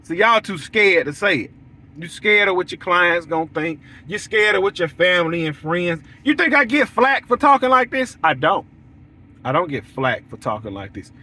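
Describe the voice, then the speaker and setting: Young guy preaching about running a lawn business, high bright voice, keeps repeating himself, blunt as anything. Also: very animated, moderate pace. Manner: preachy, repetitive, blunt, acts out quoted lines. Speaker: lawn care business owner. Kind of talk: casual monologue to the audience.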